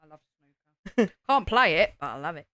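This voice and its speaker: A woman's voice: on the low side, very animated, brisk, fairly bright tone, dry recording, clean studio sound. A mother casually chatting and teasing while building a toy set on a live stream. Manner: teasing, laid-back. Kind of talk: casual chat.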